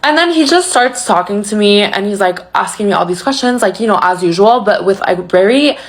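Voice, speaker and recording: A woman's voice: mid-range voice, expressive, fairly quick. A young woman casually telling a story, chatty and profane, with lots of "like" and a stressed, breathless edge. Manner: chatty, swears freely, heavy use of "like"; anxious, breathless retelling.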